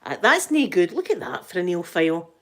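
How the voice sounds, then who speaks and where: A woman's voice: fairly low pitch, big pitch swings, brisk, a bit bright. An older woman with a Scottish accent, chatting casually and cheekily as an ASMR host, laughing often.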